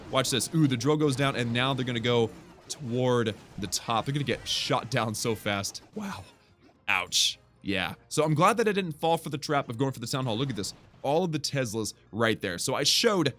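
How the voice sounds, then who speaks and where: A young man giving casual, excitable commentary over his own gameplay as a gaming YouTuber. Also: normal speed, slight background noise. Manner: excitable, bursts of high-pitched excitement.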